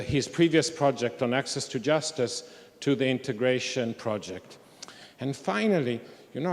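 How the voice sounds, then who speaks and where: Older man speaking in a reverberant hall. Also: medium pitch. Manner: reflective, candid storytelling. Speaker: conference speaker. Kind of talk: academic conference talk. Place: large historic hall. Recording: long reverb of a large hall.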